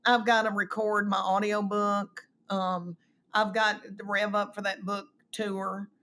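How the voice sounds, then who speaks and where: A woman's voice: mid-range voice, level tone, a little slow, pushed and bright. A woman in her fifties, a guest comedian in casual conversation, rambling and often trailing off mid-thought. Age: 50s. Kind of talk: casual chat.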